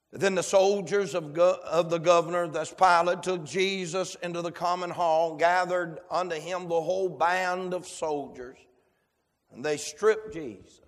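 A man preaching, praying and reading scripture aloud with slow, emphatic cadence. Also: fairly high pitch, long reverb tail. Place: church sanctuary.

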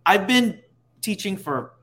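A man who teaches makes his case in casual talk. His voice sits a little high, and his manner is plain and argumentative. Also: expressive, takes it slowly, a bit bright. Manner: argumentative, matter-of-fact. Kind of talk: casual chat.

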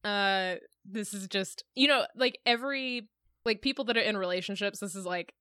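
A woman co-hosting a podcast rambles through her thoughts in casual chat, full of fillers. Her mid-pitched voice is recorded dry and close. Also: moderate pace, sharp tone, clear, resonant tone, no echo. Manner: rambling, filler-heavy, laughs often. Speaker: podcast co-host.

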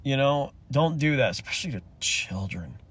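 A man's voice: mid-range voice, lively intonation, normal speed, fairly bright tone, breathy edge. A man hosting a solo rant, talking in an impassioned, rambling way, swearing and choking up as he goes. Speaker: podcast host.

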